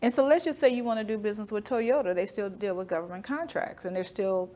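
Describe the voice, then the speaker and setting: A woman guest in a business interview, telling lively stories and acting out the dialogue. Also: medium pitch, fast. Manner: animated storyteller, acts out dialogue, laughs often. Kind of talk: storytelling interview talk. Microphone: studio microphone.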